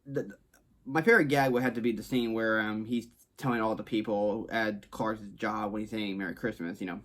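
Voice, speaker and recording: A man's voice: fairly low pitch, fairly even intonation, brisk, a bit bright. A man from Texas giving a casual movie review to camera, rambling and repeating himself, with frequent restarts. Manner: rambling, repetitive, frequent restarts and stock phrases. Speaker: film reviewer. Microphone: talking to camera.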